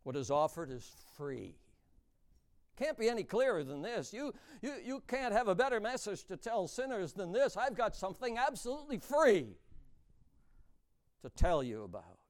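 A man preaching with a high, clear, smooth voice. His pitch swings widely as he moves from hushed asides to booming lines. He speaks slowly and stretches out key words. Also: sing-song. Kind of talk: sermon.

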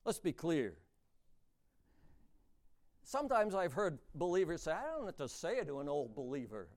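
A man preaching a sermon in a dramatic way, dropping to a hush and then booming out, drawing out key words. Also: sing-song, normal speed. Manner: dramatic, swings between hushed and booming, stretches key words.

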